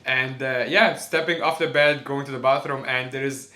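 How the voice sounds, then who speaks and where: Man, comedian guest, bright tone, blunt teasing humor, echoey room. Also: mid-range voice, steady tone, moderate pace.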